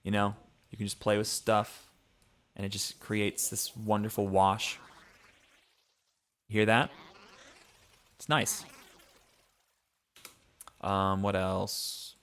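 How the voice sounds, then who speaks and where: Teaching mixing over a laid-back livestream from his home studio, a producer demos sounds at his computer and thinks aloud with frequent ums. His voice is fairly low, smooth and a bit bright, with a flat delivery.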